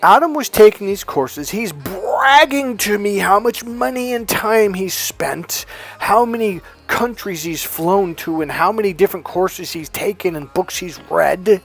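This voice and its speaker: A man coaching a course on dating, telling a story bluntly, swearing and shouting his punchlines. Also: high voice, expressive, measured pace, gravelly, soft background music. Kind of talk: animated storytelling lecture.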